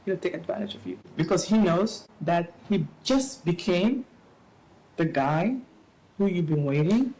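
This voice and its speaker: A middle-aged woman speaking as an interview guest, giving animated, preachy advice with playful asides. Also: fairly low pitch, unhurried, slight background noise, low-quality recording. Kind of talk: casual interview talk.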